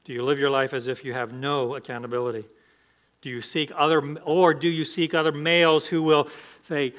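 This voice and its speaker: A man's voice: on the high side, little pitch movement, fairly quick, a bit bright. A man pastor preaching an emphatic sermon, asking the congregation rhetorical questions.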